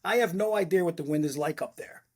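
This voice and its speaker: Husky New man telling fire stories. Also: on the high side, fast talker. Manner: blunt, animated storyteller who acts out quotes. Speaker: retired fire lieutenant, podcast guest. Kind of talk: casual storytelling chat.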